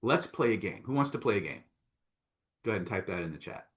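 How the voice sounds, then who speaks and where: A man's voice: fairly low pitch, animated, quick pace. Coaxing man leading a live training. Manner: coaxing, repeats "right?" and "okay?", reads out chat replies. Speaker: self-help trainer. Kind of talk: live online training session.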